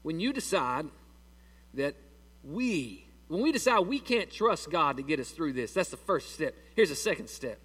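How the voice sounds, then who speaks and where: Folksy high-voiced preacher. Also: male voice, big pitch swings, normal speed, fairly bright tone, slightly rough, far from the mic. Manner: folksy, conversational, asks the congregation questions. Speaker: pastor. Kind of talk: sermon.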